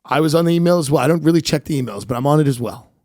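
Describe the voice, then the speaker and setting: A man hosting a podcast, delivering a deadpan comedic rant with dark humor. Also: a little high, racing, no room sound, clean studio sound. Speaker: podcast host.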